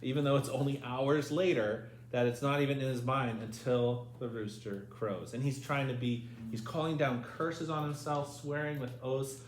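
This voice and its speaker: A man's voice: medium pitch, fairly even intonation, moderate pace, few pauses. A man leading a Bible study lesson, asking his group questions and reading scripture aloud. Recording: echoey room with faint noise.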